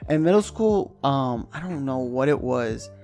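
A man's voice: medium pitch, measured pace, faint music behind. A young man from New York on a casual podcast, telling stories with lots of swearing. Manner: swearing, animated storytelling. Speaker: podcast co-host. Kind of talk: casual chat.

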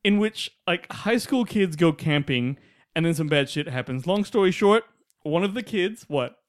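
A man co-hosting a casual film review chat, excitable and profane, often cutting off his co-host. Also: fairly high pitch, moderate pace. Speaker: podcast co-host reviewing films.

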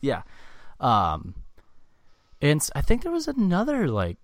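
A young man co-hosting a podcast, telling loose, profane stories in casual chat and loudly acting out what people said. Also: on the high side, wildly swooping pitch, a little slow, no room sound, clean studio sound. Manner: swearing storyteller, acts out quotes loudly. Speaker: podcast co-host.

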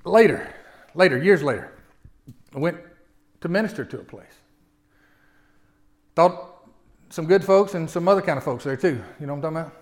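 A man in his forties delivers a sermon to his congregation. His voice sits a little high, and he shifts between soft, confessional storytelling and loud, fervent preaching. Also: lively intonation, normal speed, long pauses. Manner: swings from hushed storytelling to loud impassioned preaching. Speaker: pastor.

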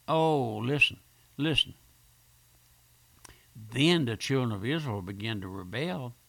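A man's voice: on the high side, creaky, pushed and bright, no room sound. A male pastor preaching a fervent radio sermon with rhetorical questions and repeated phrases.

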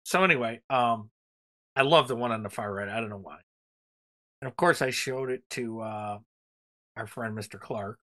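A man's voice: mid-range voice, moderate pace, long pauses, pushed and bright. A man co-hosting a casual podcast chat, rambling enthusiastically with lots of fillers. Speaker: podcast co-host.

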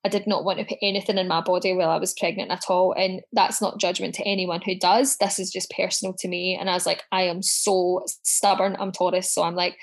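A woman's voice: on the low side, level tone, fairly quick, few pauses. A woman talking as a podcast guest in casual chat. She tells her stories with lots of energy, swears freely and acts out her own quotes.

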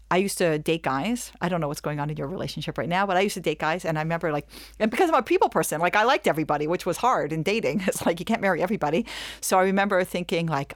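A middle-aged woman giving a webinar talk, telling stories in a chatty, animated way and checking in often with her listeners. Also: fairly low pitch, rapid-fire, no room sound, clean studio sound. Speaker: webinar speaker. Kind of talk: lively storytelling talk.

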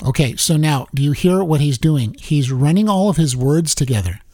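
A man hosting a political talk show, giving commentary in an animated, repetitive way. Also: on the high side, normal speed, no room sound. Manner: animated, repeats words and restarts.

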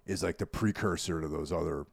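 A man with a New York accent, co-hosting a podcast in a laid-back, rambling way that trails off quietly. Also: a bass voice, a little fast, gravelly, slightly rough, no room sound, studio quality. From Carmel, New York. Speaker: podcast co-host. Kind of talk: casual chat.

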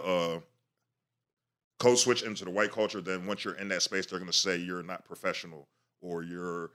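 A man with a bright, forceful, fairly low voice explains ideas in a casual panel discussion. He works through his thoughts aloud, pausing on fillers and restarting sentences. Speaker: podcast co-host.

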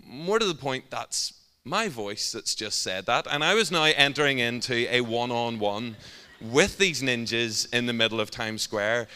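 A man's voice: mid-range voice, measured pace, clean tone. Humorous Northern Irish preacher man. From Northern Ireland. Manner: humorous and animated, often laughing at his own story. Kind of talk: sermon storytelling. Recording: long hall reverb.

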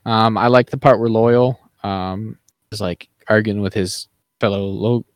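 A man's voice: fairly low pitch, fairly even intonation, unhurried, dry recording, studio quality. Rambling man chatting on a podcast. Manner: rambling with many fillers. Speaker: podcast co-host. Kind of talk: casual chat.

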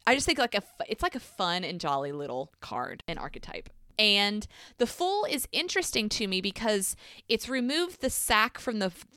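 Brief: woman co-host, gushing casual chat, lively bright voice, dry close sound. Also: medium pitch, moderate pace, clean tone, no room sound. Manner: excitable, gushing, many fillers. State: tearful. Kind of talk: casual chat about tarot cards.

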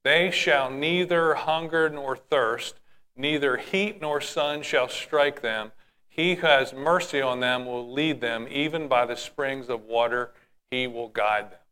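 A man's voice: mid-range voice, slow pace, pushed and bright, clear, resonant tone. A man teaching from a Bible passage, reading a verse and then explaining it in plain, direct words. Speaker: preacher.

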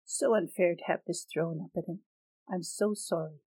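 A gentle, forgiving mother who speaks softly and with sorrow, her voice low and quiet, as a woman reads her for an audiobook. The recording is dry and close. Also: fairly even intonation, moderate pace, husky, no echo, poor audio. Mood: tender. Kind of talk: audiobook reading.

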